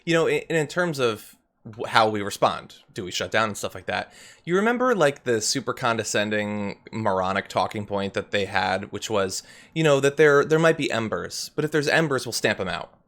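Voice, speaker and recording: A man hosting a political commentary show, conversational and exasperated, asking questions out loud. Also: lowish voice, lively intonation, normal speed. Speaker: host.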